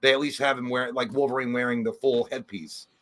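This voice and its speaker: A man's voice: mid-range voice, steady tone, fast talker, fairly bright tone. A man co-hosting a casual livestream chat, telling rambling, profane stories. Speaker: co-host.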